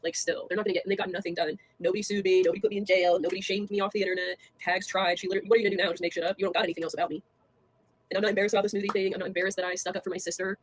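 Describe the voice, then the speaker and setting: A young woman on a casual livestream, talking fast with lots of fillers, scornful and laughing between jabs at people. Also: medium pitch, flat delivery, slight background noise.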